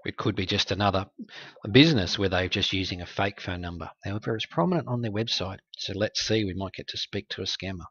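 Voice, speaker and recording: A man's voice: deep voice, quick pace, a bit bright, dry recording, lo-fi sound. A man hosting a walkthrough that exposes scam websites, speaking in a wry, conversational, explanatory way. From Australia. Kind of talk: screen-recorded walkthrough.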